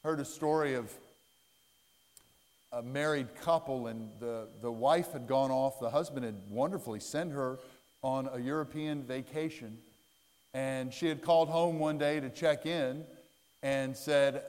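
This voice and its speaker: A man preaching a sermon as pastor. He speaks earnestly and swings between loud, dramatic lines and hushed ones. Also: medium pitch, a little slow. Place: church sanctuary. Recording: long church-hall reverb.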